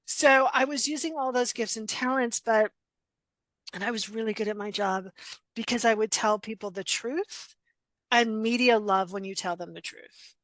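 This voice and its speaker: Middle-aged woman coach talking as a podcast guest in a casual interview. She speaks in a blunt, direct way and acts out quoted dialogue with animation. Her voice sits slightly high, and the recording is dry and close. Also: moderate pace, a bit bright, no echo.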